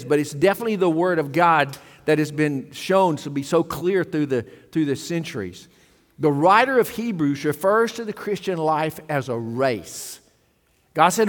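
A pastor preaching a sermon, turning to his congregation with rhetorical questions. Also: fairly high pitch. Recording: long hall reverb.

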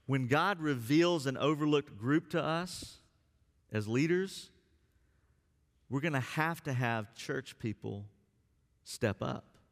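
A man preaching earnestly from a church stage, leaning on slow, drawn-out words to press his points home. His voice sits at a middle pitch, and each phrase rings on through the long reverb of a church hall. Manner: earnest preaching, slows down for emphasis. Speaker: pastor. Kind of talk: sermon. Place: church sanctuary.

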